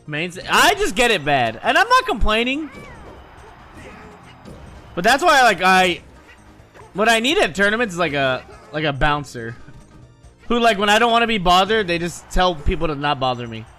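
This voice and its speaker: A man talking casually to his stream audience, telling stories in an animated, profane, joking way. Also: high-pitched, moderate pace, pauses often, faint music behind.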